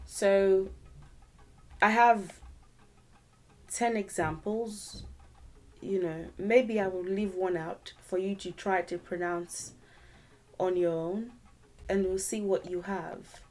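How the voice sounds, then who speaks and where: A woman's voice: mid-range voice, steady tone, slow, pauses often, darkish tone. A woman teaching a beginners' language lesson online, patiently repeating syllables and tones many times.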